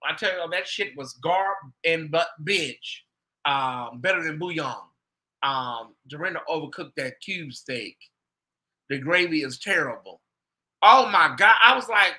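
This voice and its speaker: Male host, high and sharp-toned, gossipy casual chat with viewers. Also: normal speed. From United States. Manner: chatty, gossipy, animated asides to viewers.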